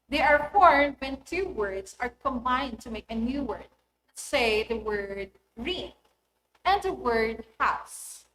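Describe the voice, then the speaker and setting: A woman teaches in an unhurried, deliberate way, sounding out example words one at a time with clear stress. Her voice sits high, and the recording carries a roomy echo. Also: a bit bright, slight background noise. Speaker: English teacher. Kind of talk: recorded classroom lesson.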